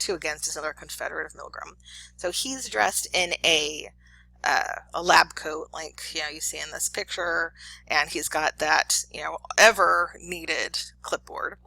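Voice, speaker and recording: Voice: mid-range voice, fairly even intonation, normal speed, gravelly, pushed and bright, poor audio. A professor giving a casual classroom lecture, chatty and full of fillers and acted quotes.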